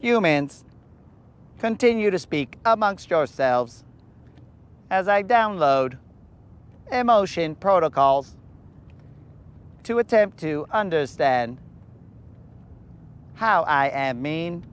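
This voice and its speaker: A man voicing an emotionless male robot that talks in a slow, stiff, literal way. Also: a little high, expressive, smooth. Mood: mechanical.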